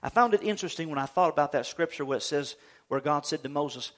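A man's voice: fairly high pitch, expressive, quick pace. A man preaching a sermon as pastor, telling a story, acting out the voices of the people in it and calling for amens.

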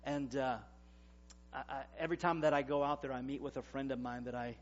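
A man in his forties, a pastor preaching a sermon in a conversational way, swinging between loud emphasis and quiet asides. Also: mid-range voice, fairly even intonation, a little fast. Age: 40s. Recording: dull, lo-fi recording.

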